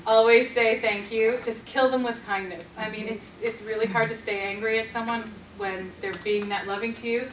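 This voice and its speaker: A woman therapist leading a conference workshop, talking gently and coaching her audience, now and then acting out sweet, loving lines. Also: a little high, fairly even intonation, moderate pace, few pauses. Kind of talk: conference talk with role-play. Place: conference room. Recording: echoey conference room from far off, noisy.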